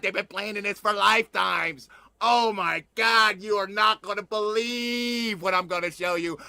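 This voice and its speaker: A man hosting his own online news show, talking excitedly with lots of laughter, repeating himself and drawling out words. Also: high-pitched, gravelly, dry recording. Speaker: host of an online news channel. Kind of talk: excited livestream monologue.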